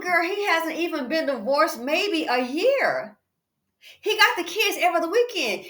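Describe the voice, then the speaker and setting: A woman hosting a commentary channel, talking in an emphatic, chatty way and calling the listener "girl" and "baby". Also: extremely high pitch. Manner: animated and emphatic, addresses viewer as "girl" and "baby". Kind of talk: casual commentary. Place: indoors, exercising while recording. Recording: echoey room.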